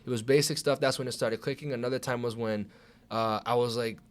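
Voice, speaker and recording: Young man, podcast guest, casual chat, swears a lot, acts out his thoughts, animated storyteller. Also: medium pitch, brisk, clean tone. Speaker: podcast guest, pro wrestler.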